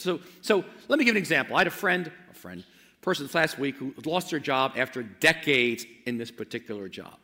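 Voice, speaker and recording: A man preaching a sermon, impassioned and then hushed and intimate, with frequent restarts. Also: a little high, lively intonation, normal speed. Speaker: pastor. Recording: long hall reverb.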